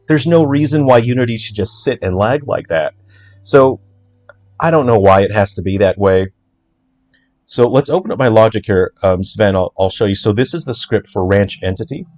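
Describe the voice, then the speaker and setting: Chatty, lower-voiced male game developer. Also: expressive, a little mellow. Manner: chatty and joking, with quick asides. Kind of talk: casual livestream coding walkthrough.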